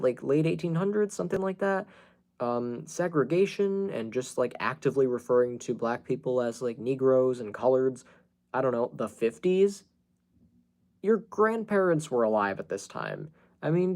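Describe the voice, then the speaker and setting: A man's voice: medium pitch, creaky, a little mellow. A man ranting casually to camera as a vlogger, blunt and frank, swearing freely and talking with many fillers and restarts. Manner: earnest and self-advising.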